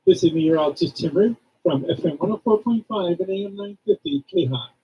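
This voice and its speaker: A man reading a radio weather forecast as a meteorologist, in a measured, matter-of-fact way, with a dull muffled lo-fi sound. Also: high voice, animated, a little hiss or hum.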